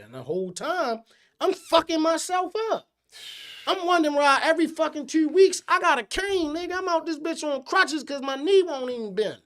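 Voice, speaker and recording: A man, co-hosting a casual chat, profane and animated with loud outbursts. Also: high voice, brisk. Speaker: podcast co-host.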